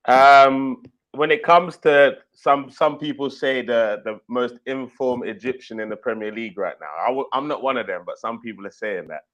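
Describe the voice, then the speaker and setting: A man's voice: mid-range voice, normal speed, fairly bright tone. A man joining a casual football live stream as co-host, laid-back and slangy as he gives his opinions. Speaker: co-host guest.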